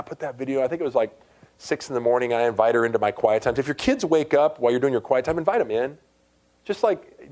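A middle-aged man, a pastor giving a conversational sermon with loud, emphatic rises in his voice. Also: medium pitch.

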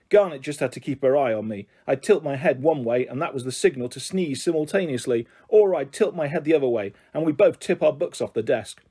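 A man reading a children's novel aloud in a lively, expressive storytelling manner. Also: fairly high pitch, breathy edge. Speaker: audiobook reader.

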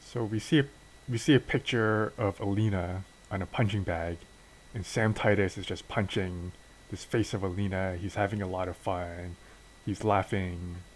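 A man's voice: low voice, steady tone, moderate pace, slight background noise, rough recording. A man casually narrating a wrestling game story as a let's play, with fillers and restarts.

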